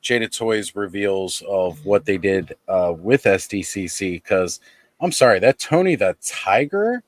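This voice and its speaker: Laid-back low-voiced male stream host. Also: a little slow, no room sound. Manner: relaxed, rambling, thinks aloud. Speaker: livestream host. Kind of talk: casual toy-collector chat.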